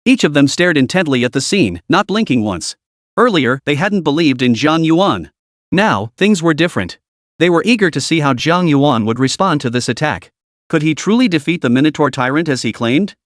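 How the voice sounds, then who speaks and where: A man's voice: on the high side, sing-song, moderate pace, no room sound, clean studio sound. A man narrating a comic recap with dramatic storytelling.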